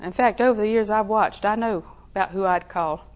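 A woman's voice: medium pitch, fairly quick. Folksy woman preaching. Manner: folksy, laughing, repeats phrases softly. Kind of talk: sermon.

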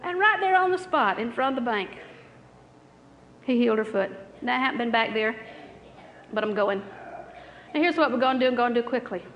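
A woman's voice: on the high side, expressive, a little fast, pauses often, lo-fi sound, a little hiss or hum. A middle-aged woman preaching a healing sermon, telling a story in a repetitive, anecdotal way before moving into prayer. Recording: hall reverb with faint music.

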